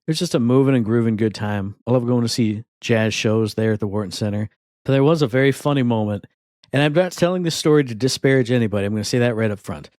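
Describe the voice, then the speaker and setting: A man in his thirties co-hosting a podcast, chatting casually and telling rambling, animated stories. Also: medium pitch, no room sound, clean studio sound. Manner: rambling, animated storytelling with voiced asides. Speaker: podcast co-host. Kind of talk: casual chat.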